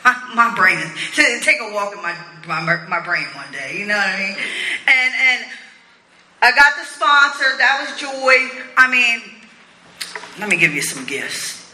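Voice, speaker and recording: A woman's voice: a little high, very animated, unhurried, sharp tone, slight background noise. A middle-aged woman telling her story at a recovery meeting, blunt, profane and often laughing. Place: meeting room with an audience. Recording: roomy echo of a meeting room.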